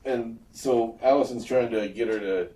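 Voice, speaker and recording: A man's voice: mid-range voice, moderate pace, warm tone, roomy sound, recorded from a distance, rough recording. A man co-hosting a podcast, casually retelling scenes from a TV episode with loose fillers and some swearing. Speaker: podcast co-host. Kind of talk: casual chat recapping a TV episode.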